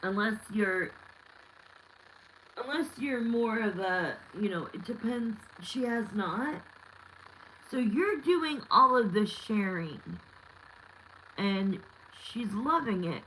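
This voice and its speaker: A woman's voice: medium pitch, lively intonation, takes it slowly, long pauses, pushed and bright, slight background noise, poor audio. A woman in her thirties giving a live tarot reading, talking candidly and bluntly with lots of fillers. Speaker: tarot reader.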